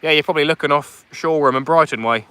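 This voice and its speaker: A man's voice: fairly high pitch, quick pace, bright, forceful tone, clean tone. A man chatting casually on a fishing livestream outdoors on a beach at night, reading out viewer comments as he goes.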